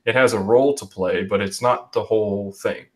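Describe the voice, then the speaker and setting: A young man with a lowish voice hosts a casual online group chat over a video call at normal speed. He reflects as he talks, restarting frequently and using um and you know.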